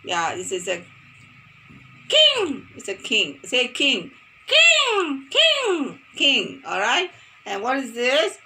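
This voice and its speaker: A woman's voice: high voice, huge pitch swings, slow, pushed and bright. A woman teaching a phonics lesson to young children, playful and sing-song, repeating words for them to copy.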